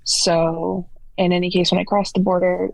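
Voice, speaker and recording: A woman's voice: fairly low pitch, flat delivery, normal speed, creaky, dry recording, poor audio. A woman in her forties from Canada, a podcast guest earnestly recounting her story in detail. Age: 40s. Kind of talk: storytelling interview answers.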